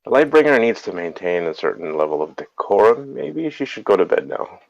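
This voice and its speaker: A man's voice: lowish voice, big pitch swings, fairly quick, creaky, no room sound, dull audio. A man roleplaying at a tabletop game, teasing and humoring another character.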